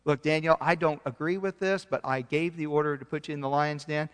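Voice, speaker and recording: A man preaching a sermon, reading scripture aloud and swinging between loud emphasis and quiet passages, sometimes losing his place and correcting himself. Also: on the high side, steady tone, a little fast, clear, resonant tone, long reverb tail. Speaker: pastor.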